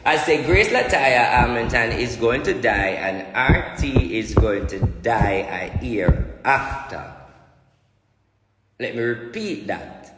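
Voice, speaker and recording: A man's voice: mid-range voice, sing-song, slow pace, fairly bright tone, faint music behind. A man with a Jamaican accent, a self-styled prophet, delivering a preachy, repetitive rant straight to his viewers. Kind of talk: ranting monologue to viewers. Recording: echoey room with long reverb.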